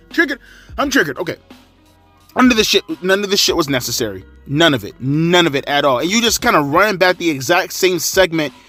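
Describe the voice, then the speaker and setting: A man's voice: sits high, pushed and bright. A man giving an exasperated, profane, mocking rant as he reviews a wrestling show. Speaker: wrestling commentary vlogger.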